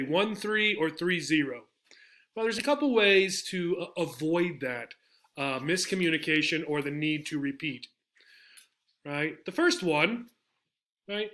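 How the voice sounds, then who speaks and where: A man's voice: high voice, bright, forceful tone. A man teaching an English pronunciation lesson, speaking patiently and repeating each model word several times. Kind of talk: slide-based pronunciation lesson.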